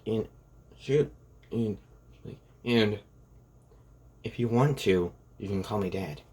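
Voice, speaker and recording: A man voicing a kind, protective teen boy hero in a soft, gentle tone while telling a story. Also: fairly low pitch, slow pace, slightly rough. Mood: reassuring.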